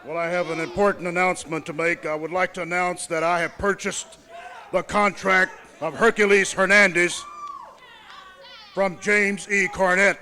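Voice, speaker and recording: Man, wrestling manager, pompous, commanding, high voice, bright tone, old TV broadcast. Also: level tone, normal speed. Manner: pompous and commanding, rising to shouted threats. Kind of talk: wrestling promo speech. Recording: 1980s television broadcast.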